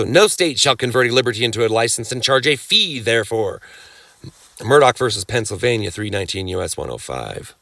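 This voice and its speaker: Halting man in a dry, close sound. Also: mid-range voice, a bit bright, no echo. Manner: rambling, halting restarts, coughs and throat clearing; sarcastic asides. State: occasional coughing. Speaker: cannabis rights lecturer. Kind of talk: casual lecture over slides.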